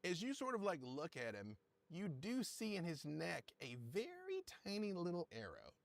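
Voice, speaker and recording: A man's voice: high voice, wildly swooping pitch, moderate pace, creaky, no echo. A man narrating a tabletop game as game master, loose and full of fillers. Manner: loose, giggly, many fillers.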